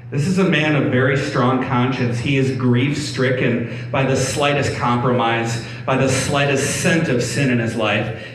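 Male preacher, conversational sermon delivery with restarts, picked up from afar with faint hum. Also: mid-range voice. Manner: conversational preaching with frequent restarts and repeated words. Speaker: pastor. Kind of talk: sermon reading and explaining scripture. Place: church hall. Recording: echoey room, mic at a distance, faint background hum.

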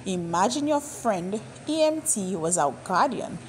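A woman voicing a protective eight-year-old boy who speaks calmly and reassuringly. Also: mid-range voice, a little slow, slight background noise. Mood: earnest. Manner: calm, reassuring.

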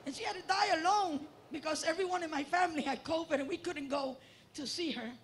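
A woman union vice president giving an emotional rally speech outdoors, building to shouts. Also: very high voice, a little fast, slight background noise. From Latino community, United States. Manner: passionate, rising to shouts. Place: outdoors at a voting line.

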